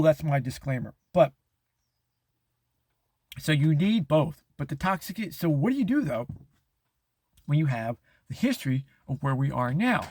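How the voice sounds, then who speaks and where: A middle-aged man hosting a podcast, talking in a rambling monologue with many restarts and false starts. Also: no room sound. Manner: halting, many restarts, mocking falsetto impressions. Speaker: podcast host.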